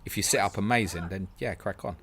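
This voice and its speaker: A man hosting a live stream, reading out viewer questions and answering them in quick, chatty bursts. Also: low voice, crowd noise. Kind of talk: fast casual live-stream Q&A.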